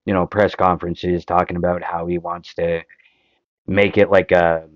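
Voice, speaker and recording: A man's voice: sits low, level tone, moderate pace, no room sound, dull audio. A Canadian man hosting a podcast, giving casual political commentary in an impassioned, frustrated way, full of rhetorical questions. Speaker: podcast host.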